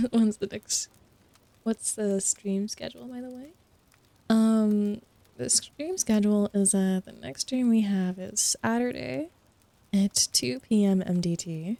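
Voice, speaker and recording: Husky, soft-spoken woman in whispered role-play. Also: mid-range voice, takes it slowly, no echo. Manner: soft, teasing and giggly, mock-sinister. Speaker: streamer.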